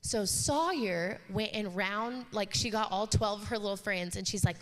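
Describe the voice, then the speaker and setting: A woman's voice: medium pitch, moderate pace, hardly any pauses. A woman pastor in her thirties preaching a sermon, chatty and joking as she tells stories about her family. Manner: chatty, joking, animated storytelling. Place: church sanctuary. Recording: live church hall reverb.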